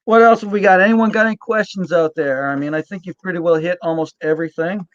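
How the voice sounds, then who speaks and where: A man's voice: high-pitched, fast talker, a bit bright, no room sound. A man hosting a casual interview, asking questions and reacting with short eager remarks. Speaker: podcast host. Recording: dry, dull lo-fi audio.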